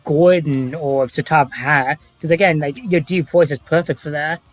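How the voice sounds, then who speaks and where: A man's voice: on the high side, steady tone, moderate pace, dry recording. Chatty young man, dry close sound. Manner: rambling, hesitant, with many restarts. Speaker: stream host. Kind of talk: casual chat on a livestream.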